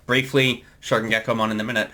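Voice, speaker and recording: A man's voice: medium pitch, level tone, fast talker, sharp tone. A man chatting casually through a creator commentary, telling anecdotes and laughing along the way.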